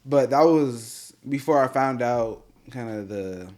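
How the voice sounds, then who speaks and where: Male podcast co-host, mid-pitched, relaxed slangy storyteller. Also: slow pace. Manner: loose, slangy storytelling with lots of fillers. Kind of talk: casual chat.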